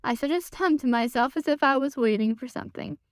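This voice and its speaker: Woman reads a mild, muddled male bear in a storybook, earnest, smooth voice. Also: high-pitched, brisk, dry recording, clean studio sound, natural voice. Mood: calm. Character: gentle slow-witted male teddy bear, well-meaning.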